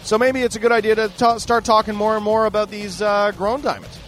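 A man hosting a podcast in a casual, profane rant, animated and mock-boastful, swearing freely. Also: high-pitched, brisk, faint music behind. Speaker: podcast host.

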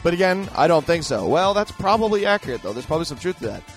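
A man with a somewhat raised pitch holds forth in a loose, emphatic monologue. He circles back on himself often and piles on fillers as he answers a listener's letter. Soft music plays quietly underneath. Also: very animated, quick pace. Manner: rambling, emphatic, full of fillers and restarts. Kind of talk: casual ranting monologue.

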